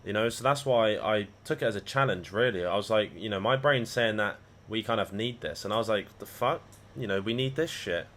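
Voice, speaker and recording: A man's voice: lowish voice, brisk, hardly any pauses, a bit bright. A man chatting casually on a livestream, rambling and swearing freely as he talks to his viewers. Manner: rambling, profane banter. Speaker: live trading streamer.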